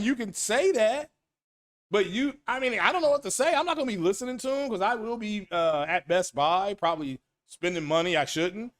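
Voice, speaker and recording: A high-voiced, animated man rants about games as a gaming commentary host on a casual solo stream. He rambles, repeats himself and reads chat names aloud.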